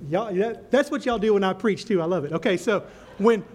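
A high-pitched man preaching to a church congregation. He keeps putting rhetorical questions to the room and answers them himself, and he tells a story to drive his point home. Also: a little fast, a little mellow, a little hiss or hum. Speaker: pastor. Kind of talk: sermon.

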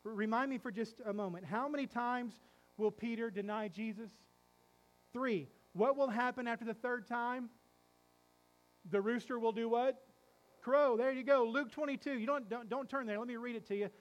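A middle-aged male pastor preaching a sermon, telling a story dramatically, quizzing the congregation and dropping to a hush for emphasis. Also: very high-pitched, moderate pace, low-quality recording. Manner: dramatic storytelling, asks the congregation questions, swings from loud to hushed.

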